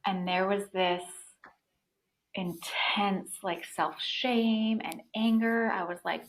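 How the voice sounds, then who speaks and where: A woman in her thirties telling her own story as a podcast guest, in an animated, casual way, with many "like" fillers. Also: mid-range voice, slow, low-quality recording. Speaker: podcast guest, breathwork facilitator.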